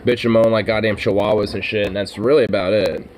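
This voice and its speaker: A man's voice: on the low side, fairly even intonation, quick pace, slight background noise, low-quality recording. A man in casual, profane podcast banter, rambling with lots of fillers and frequent laughs.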